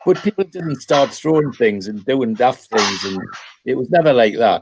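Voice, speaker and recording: A man's voice: mid-range voice, animated, normal speed, a little hiss or hum. An older man from North East England in casual chat, telling rambling anecdotes with chuckles and restarts. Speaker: podcast panelist.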